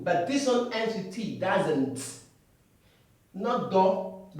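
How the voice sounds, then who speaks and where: Slow, repetitive English pronunciation teacher. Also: mid-range voice, animated, a little mellow, very echoey, distant mic, slight background noise. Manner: slow, drawn-out repetition of words. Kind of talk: pronunciation lesson.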